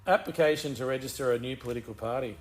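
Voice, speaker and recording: A man's voice: medium pitch, racing. A man co-hosting a podcast in casual, joking banter. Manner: joking, laid-back banter. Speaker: podcast co-host. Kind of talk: casual chat.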